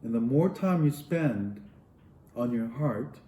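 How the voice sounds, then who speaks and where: A man's voice: mid-range voice, expressive, slow, dark tone, far from the mic. A man who is a professor, telling a story to a live audience and acting out the dialogue with big swings in his voice. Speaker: professor and speaker. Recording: roomy hall echo.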